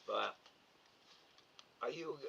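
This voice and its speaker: Middle aged guy on a live stream, slow halting talk, kinda bright edge, dull lo-fi sound. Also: medium pitch, vocal fry, a little hiss or hum. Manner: slow, halting, repeats words, emotional. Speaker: live cam host reading chat. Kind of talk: casual live-stream chat.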